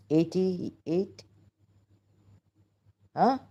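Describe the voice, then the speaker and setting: A woman speaking in an impassioned, emotional monologue, halting often with pauses and restarts. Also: low voice, mellow. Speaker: religious critic vlogger.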